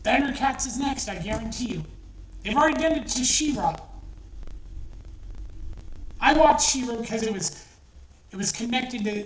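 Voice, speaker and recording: A middle-aged woman delivering an angry, profane rant as an online commentator, heated and repetitive. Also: mid-range voice. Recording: echoey room, distant from mic, faint noise.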